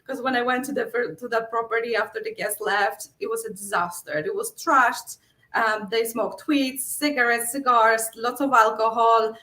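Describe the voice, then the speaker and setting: A woman's voice: on the high side, fairly even intonation, normal speed, pushed and bright. A middle-aged woman with a Polish accent, a guest telling stories in a casual interview, acting out her own quotes and laughing often. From Poland. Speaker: guest, real estate investor. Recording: echoey room.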